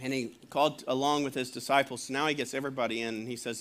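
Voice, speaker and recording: A man's voice: mid-range voice, fairly even intonation, fast, hardly any pauses, fairly bright tone. A man preaching a sermon as pastor in a conversational way, chuckling often and acting out quotes.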